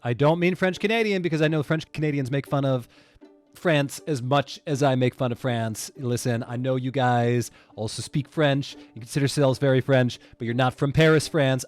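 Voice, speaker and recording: A man hosting his own creator commentary, chatty and joking as he reacts to his videos. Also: mid-range voice. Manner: jokey, chatty asides.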